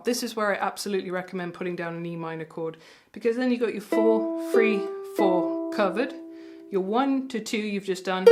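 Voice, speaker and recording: A woman teaching ukulele, talking in a friendly, encouraging way and counting beats aloud as she plays. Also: mid-range voice. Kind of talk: music lesson with counting along. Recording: ukulele playing loudly behind. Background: ukulele playing.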